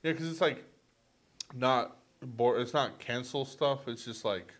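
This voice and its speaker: A man's voice: mid-range voice, measured pace, crowd noise. A man with a Texan accent hosting a podcast in loose, profane, rambling chat. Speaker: podcast host. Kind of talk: casual chat.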